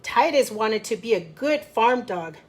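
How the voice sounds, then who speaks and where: High-voiced woman, unhurried storytime librarian. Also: expressive, slight background noise. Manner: chatty, talks directly to young children. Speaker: children's librarian. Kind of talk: storytime read-aloud.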